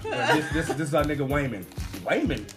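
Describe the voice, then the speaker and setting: Young man, podcast guest, laid-back profane banter, slightly high voice, faint music. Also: brisk. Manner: laid-back, profane, drops his voice low for asides. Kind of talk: casual chat.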